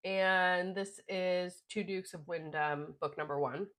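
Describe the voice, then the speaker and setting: A woman's voice: fairly low pitch, steady tone, slow pace, a bit bright. A young woman vlogger talking casually through her book rankings, rambling with lots of fillers. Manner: chatty, rambling with many "like" fillers. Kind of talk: casual book review chat.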